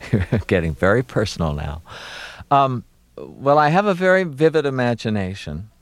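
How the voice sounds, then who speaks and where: A middle-aged man from Maryland, an actor being interviewed, talking reflectively with many pauses and fillers and a wry touch. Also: mid-range voice, big pitch swings, no echo. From Maryland, USA.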